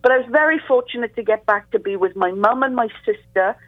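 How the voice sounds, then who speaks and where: Welsh lady on a tinny phone line, chatty and wry, bit high-pitched, dry sound. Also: quick pace, no echo. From Wales. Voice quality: deep and sultry morning voice. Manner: chatty, self-deprecating humour. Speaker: crime author guest. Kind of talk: casual interview chat.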